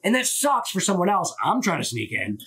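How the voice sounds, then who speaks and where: A man's voice: sits high, huge pitch swings, fairly quick, sharp tone, breathy edge. A man hosting a live stream, chatting casually and opinionatedly, with lots of filler words and swearing, into a phone. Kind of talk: casual rambling chat.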